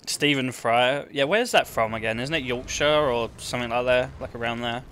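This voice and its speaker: Chatty young English man, bright tone. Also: mid-range voice, moderate pace, slight background noise. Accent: London-area English. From England. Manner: rambling, laughs often, lots of "like" fillers. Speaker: streamer. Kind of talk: casual chat while gaming.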